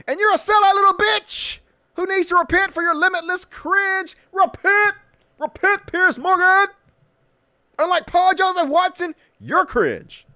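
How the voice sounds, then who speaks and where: A man putting on a shrill, whiny online ranter. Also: unhurried, sharp tone, full character voice. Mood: shrill mocking. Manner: shrieking, exaggerated mockery.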